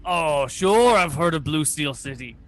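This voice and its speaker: Man doing a gruff suspicious dwarf guard. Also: a little high, expressive, a little slow, fairly bright tone. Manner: blunt, swearing, distrustful. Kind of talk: tabletop role-play.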